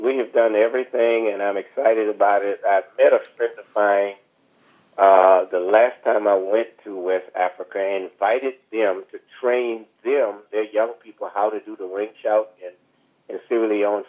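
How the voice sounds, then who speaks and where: A man who's an author spins a lengthy, wandering tale during a podcast interview conducted by phone, the audio thin and tinny. He talks at a moderate pace in a lowish voice with fairly even intonation, dropping in plenty of fillers and digressions.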